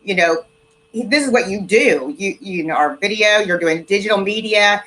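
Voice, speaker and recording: A woman's voice: mid-range voice, normal speed, fairly bright tone, rough recording. A woman hosting a casual interview, chatty and self-deprecating, with lots of fillers. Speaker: host.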